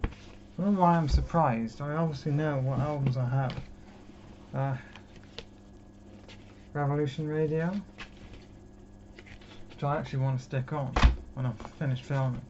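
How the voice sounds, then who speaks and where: A man's voice: mid-range voice, flat delivery, moderate pace, pauses often. Chatty young man in a lo-fi home recording. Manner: chatty, self-mocking, rambling. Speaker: record collection vlogger. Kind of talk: casual chat. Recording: dull lo-fi with clear background noise.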